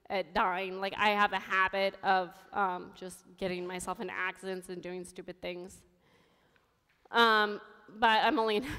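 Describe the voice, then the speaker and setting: A woman's voice: medium pitch, sharp tone, clear, resonant tone, in a large hall. A woman in her thirties giving a sermon, telling her own story in a candid, conversational way. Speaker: preacher. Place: church sanctuary.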